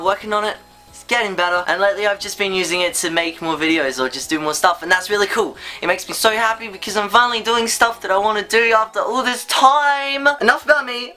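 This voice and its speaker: Sleepy, stuttering young man vlogging. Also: high-pitched. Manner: stutters and restarts often; excitable, rambling, gushing. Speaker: YouTuber. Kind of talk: casual vlog monologue.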